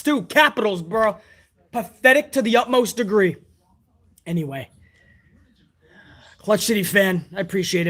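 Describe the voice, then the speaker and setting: Stream host: man, hoarse, very high and bright, excitable, swears freely while reading fan messages. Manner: profane, excitable, chummy. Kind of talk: casual livestream commentary, reading fan messages.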